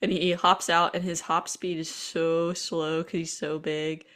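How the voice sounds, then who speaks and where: A young woman with a slightly low voice chats casually on a podcast, retelling a cartoon with animated energy. She keeps slipping into quick character voices as she tells it. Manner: animated storyteller, acts out lines in quick voices. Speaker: podcast co-host. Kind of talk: casual chat, recapping a cartoon.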